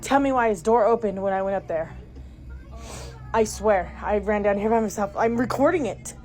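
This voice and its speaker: A middle-aged mother filming inside her house, talking to viewers, swinging between hushed whispers and panicked exclamations. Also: medium pitch, moderate pace. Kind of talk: frightened handheld home video narration. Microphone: handheld phone camera. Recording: noisy phone recording.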